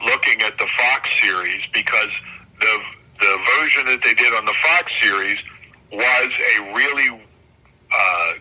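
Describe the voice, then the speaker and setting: A man's voice: lowish voice, sharp tone, slightly rough, poor audio. An older man, a comic artist guest, talking casually and enthusiastically in an interview, often restarting his sentences. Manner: rambling, self-correcting, enthusiastic.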